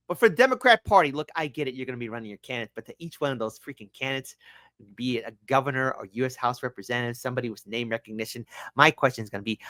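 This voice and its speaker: A man's voice: medium pitch, sharp tone, dry recording. A man hosting a political commentary show, ranting sarcastically and with exasperation, often stumbling over his words.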